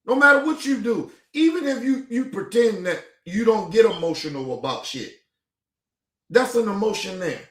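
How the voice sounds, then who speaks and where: A man's voice: sits high, animated, moderate pace, fairly bright tone. A man hosting a stream, reacting to a clip in a heated, profane rant full of repetition. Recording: echoey room.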